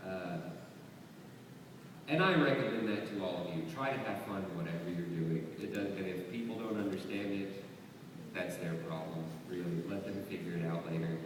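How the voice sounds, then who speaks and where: Man, voice actor, panel Q&A, animated, reverberant hall, noisy backdrop. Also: sits low. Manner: playful, animated, slips into quick impressions. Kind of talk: answering audience questions at a convention panel. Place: large convention hall. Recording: echoey hall, distant mic, background noise.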